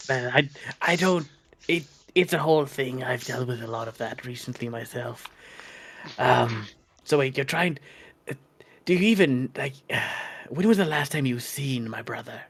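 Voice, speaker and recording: A man's voice: medium pitch, measured pace, a bit bright. A man voicing a stern, proud male lizardfolk warrior who speaks in a curt, exasperated way during live tabletop role-play.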